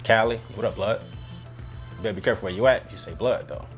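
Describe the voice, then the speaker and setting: Relaxed, playful male interviewee with a lowish voice. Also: rapid-fire, soft background music. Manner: playful, quotes greetings. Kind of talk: casual interview talk.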